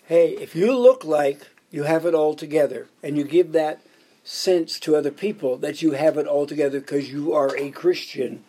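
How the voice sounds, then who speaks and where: A man's voice: a little high, normal speed, warm tone, slightly rough. A man preaching a sermon, telling joke anecdotes and counting off his points in order. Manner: jokey storytelling, counting off points. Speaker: pastor.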